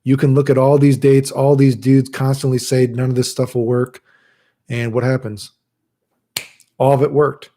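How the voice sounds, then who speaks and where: Swearing casual man with a mellow voice. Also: medium pitch, flat delivery, moderate pace. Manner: profane, storytelling, acts out quotes. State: chronically ill. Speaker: channel host. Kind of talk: casual rambling monologue.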